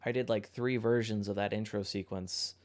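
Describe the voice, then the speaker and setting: A young man hosting a podcast in casual chat, thinking out loud in a reflective way and often correcting himself mid-sentence. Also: lowish voice, fairly even intonation, moderate pace. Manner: reflective, rambling, self-correcting. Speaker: podcast host.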